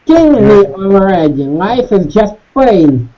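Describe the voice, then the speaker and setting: Synthetic male reader voice, high, slow, flat machine delivery of typed lines. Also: dull audio, over a noisy crowd. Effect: text-to-speech.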